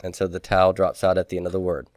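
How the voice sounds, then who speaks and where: A man with a low, smooth voice teaches a lesson. He asks his class questions, answers them himself and drills word forms aloud, recorded dry and close with no room sound. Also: monotone, fast, a little mellow, no echo. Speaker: Greek teacher. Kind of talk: recorded lecture.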